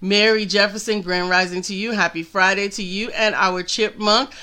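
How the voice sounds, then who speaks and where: A woman's voice: mid-range voice, steady tone, moderate pace, bright, forceful tone. A woman co-hosting a casual live online show, reading out viewer comments and playfully teasing her co-host.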